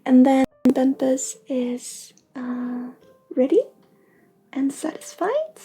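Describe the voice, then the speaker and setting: A woman with a Swedish accent hosting a livestream as an intuitive reader, talking softly and often half-whispering, affectionate with viewers. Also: high voice, very animated, takes it slowly, husky, faint music behind. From Sweden.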